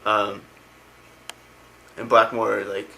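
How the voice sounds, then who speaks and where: A man's voice: lowish voice, level tone, extremely slow, creaky, pushed and bright, low-quality recording. A young man casually retelling a story, rambling and enthusiastic with slangy asides. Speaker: lore explainer.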